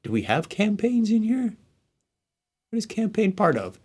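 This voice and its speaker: A man's voice: high voice, sing-song, measured pace, darkish tone, breathy edge. A man hosting a live tech stream, thinking aloud and muttering asides as he works through questions, with hiccups. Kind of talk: casual screen-share tech walkthrough.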